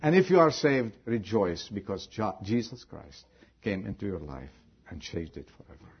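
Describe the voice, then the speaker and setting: A man preaching a sermon as pastor, moving from loud exhortation to a hushed prayer. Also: lowish voice, lively intonation, normal speed, husky, dull audio.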